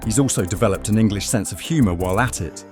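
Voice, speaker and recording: A man reading scripted narration in an even, matter-of-fact way. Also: on the low side, fast talker. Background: music.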